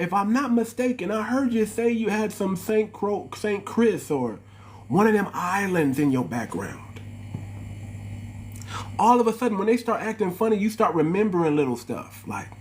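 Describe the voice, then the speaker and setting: A man with an African American English accent rants through a livestream monologue, his voice sitting a little high. He preaches and repeats himself, calling his viewers family. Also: a little mellow. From United States. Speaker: channel host.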